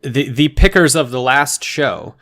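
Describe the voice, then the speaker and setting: A man co-hosting a relaxed podcast, his voice sitting right in the middle of the usual range. He talks in an easygoing, agreeable way, full of filler words. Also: mid-range voice, unhurried. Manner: easygoing, agreeable, lots of "like" and "yeah". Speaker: podcast co-host. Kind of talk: casual chat.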